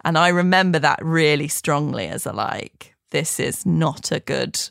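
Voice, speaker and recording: Gravelly-voiced woman telling stories. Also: sits low, expressive, measured pace, fairly bright tone, no echo, studio quality. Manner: chatty, laughs while telling stories. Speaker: podcast host. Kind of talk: casual chat, storytelling.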